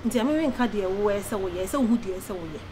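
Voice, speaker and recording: A woman in casual chat, talking insistently and pushing hard, her voice climbing loud when she presses a point. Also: medium pitch, lively intonation, racing, music in the background. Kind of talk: casual chat mixing pidgin and Twi.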